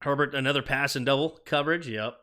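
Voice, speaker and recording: Reading viewer comments aloud and answering them, this man hosts a live stream where he also calls football plays in short clipped phrases. He talks fast in a steady mid-range voice with a bright, forceful tone.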